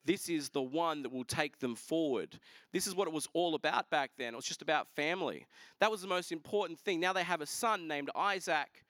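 A man preaching a sermon, retelling a scripture story in a lively, casual way with asides to the congregation. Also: a little high, brisk, no echo. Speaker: pastor.

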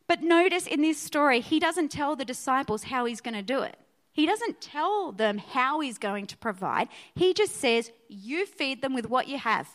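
A woman pastor preaching a sermon to her church, energetic and conversational, often checking in with her listeners. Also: high-pitched, moderate pace. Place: church auditorium.

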